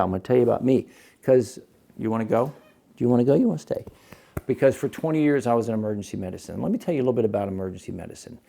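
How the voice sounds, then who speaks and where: A middle-aged man with a gravelly, dark voice talks casually to the camera. He hosts his own show as a physician and keeps putting questions to the viewer. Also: mid-range voice. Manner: conversational, asks the viewer questions.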